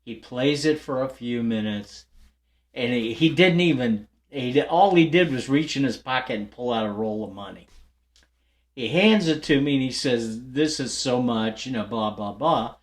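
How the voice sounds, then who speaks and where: A man's voice: medium pitch, lively intonation, moderate pace. An older man who hosts a guitar channel, telling viewers a casual, rambling story full of fillers and restarts, with light laughs along the way.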